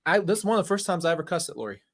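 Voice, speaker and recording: A man's voice: high-pitched, animated, very fast. A young adult man hosting his own show, talking candidly and emphatically through a personal story, with plenty of "like" and restarts, into a handheld mic. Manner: emphatic, conversational, with filler "like" and restarts. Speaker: host.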